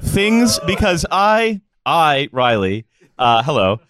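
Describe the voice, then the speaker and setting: A man's voice: on the high side, big pitch swings, takes it slowly, fairly bright tone. A male podcast host opening a live comedy show on stage, rambling with lots of "uh" and "um" and laughing at his own jokes. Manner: rambling, filler-heavy, laughing.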